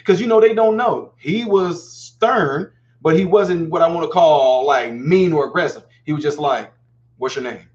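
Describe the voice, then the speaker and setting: A man's voice: high-pitched, dull audio. A man in his forties hosting a live call-in show, talking emphatically and acting out quoted lines. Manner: fast, emphatic, acts out quotes. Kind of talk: animated call-in talk.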